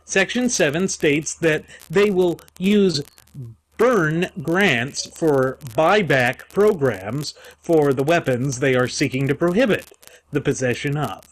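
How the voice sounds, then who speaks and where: A man's voice: on the high side, animated, slow pace, low-quality recording. A man co-hosting a political talk show, speaking emphatically and indignantly with rhetorical questions. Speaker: podcast co-host. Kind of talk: political commentary.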